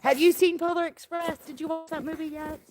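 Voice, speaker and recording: A woman's voice: very high voice, fairly even intonation, a little fast. An older woman chatting on a live stream outdoors in the snow, doting on her grandchild and laughing often, filmed on a handheld phone. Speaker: livestream host. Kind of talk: casual live stream chat. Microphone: phone camera held by hand.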